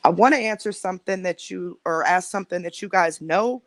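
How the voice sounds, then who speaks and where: A woman's voice: lowish voice, brisk. A woman hosting a casual live stream from home on her phone, rambling and chatting directly with her viewers. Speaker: livestream host.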